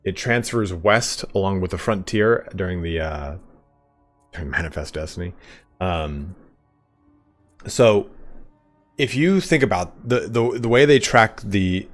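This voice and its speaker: A man with a very low, deep voice and a General American accent rambles to his stream chat about whatever comes up. He talks in a loose, chatty way, full of restarts and asides, with faint game music behind him. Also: lively intonation, a little slow, pauses often. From California. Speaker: gaming streamer. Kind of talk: casual livestream chat.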